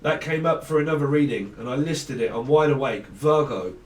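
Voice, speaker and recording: A man's voice: medium pitch, a little fast. A man doing a casual tarot reading, rambling and free-associating names and laughing often. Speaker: tarot reader. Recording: echoey room, mic at a distance.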